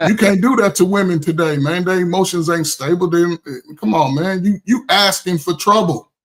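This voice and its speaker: A man with a fairly high voice trades blunt opinions on a casual discussion panel. He laughs often and speaks his mind plainly. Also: normal speed, a bit bright, poor audio.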